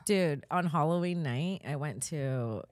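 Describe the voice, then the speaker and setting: A woman's voice: sits low, measured pace, darkish tone, no echo, clean studio sound. A woman in her thirties, a comedian co-hosting a podcast, telling a story in casual chat. She acts out the people she quotes and laughs often.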